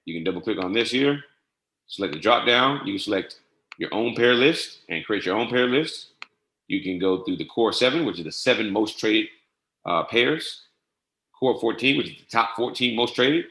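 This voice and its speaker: A man giving a casual screen-share tutorial on trading software, often saying "all right" and spelling codes out slowly. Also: lowish voice, expressive. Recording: echoey room.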